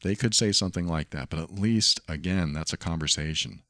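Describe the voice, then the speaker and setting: A man's voice: sits low, a little fast, sharp tone, no room sound. A man hosting a solo podcast, talking earnestly and reflectively, often repeating his key phrases. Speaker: podcast host.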